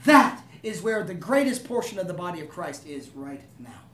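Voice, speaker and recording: A man's voice: sits high, sing-song, normal speed, fairly bright tone. Echoey distant man preaching. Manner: conversational, asks the room for agreement. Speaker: pastor. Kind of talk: sermon.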